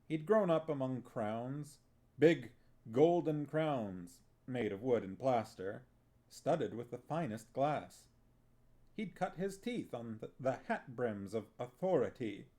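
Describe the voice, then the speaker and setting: A man reading a novel aloud on a stream in a measured, deliberate way, occasionally reading out and answering viewer comments. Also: mid-range voice, a little mellow.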